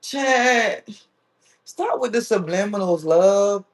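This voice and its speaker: High-voiced man chatting with his stream. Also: expressive, slow. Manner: playful, teasing, reads viewer comments aloud. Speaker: livestream host. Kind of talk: casual live-stream chat.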